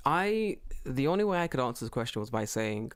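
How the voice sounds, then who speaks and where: A man hosting a podcast, telling stories in casual, profane, animated chat. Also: mid-range voice, brisk, clear, resonant tone. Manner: animated, profane storytelling with lots of put-on voices. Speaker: podcast host.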